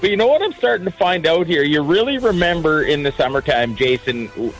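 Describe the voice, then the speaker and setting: A man's voice: a little high, expressive, a little fast, soft background music, poor audio. A man, a farmer telling wry, folksy comic stories on a radio call-in. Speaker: farmer comedian guest. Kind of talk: comic rural storytelling.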